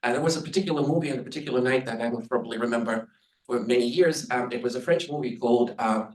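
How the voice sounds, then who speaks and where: A man's voice: medium pitch, fast talker, darkish tone. A man born in the Soviet Union giving an earnest conference presentation on interpreting, advising listeners as an instructor. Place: conference room. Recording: roomy sound from a distant mic.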